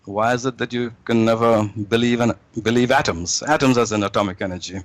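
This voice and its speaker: A man's voice: medium pitch, fairly quick, no echo, poor audio. A man guest in an interview, telling jokes in a rambling way with many restarts.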